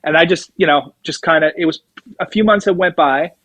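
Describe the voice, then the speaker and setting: Middle-aged male guest, rambling storyteller, slightly high voice, dry close mic. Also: brisk, fairly bright tone, dry recording, highs cut off. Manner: rambling anecdotes, acts out quoted dialogue. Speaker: guest musician, drummer. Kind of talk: casual storytelling interview.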